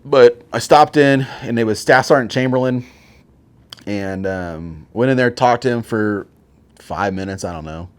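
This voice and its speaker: Pitched on the low side and keeping a measured pace, a male Marine veteran in his forties recounts his experiences as a guest. The account is casual, heavy on cursing and filler words, and wanders around.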